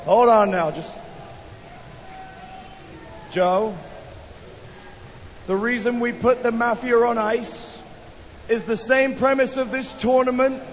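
A man, a wrestler, giving a measured, earnest speech about competition. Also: very high-pitched, steady tone, lo-fi sound, slight background noise. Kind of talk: wrestling promo.

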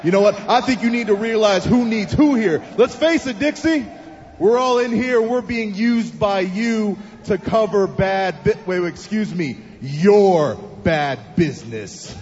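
A man with a high voice cuts a sarcastic wrestling promo, building from calm jabs up to shouted claims. The audio is muffled, like a TV broadcast. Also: a little slow.

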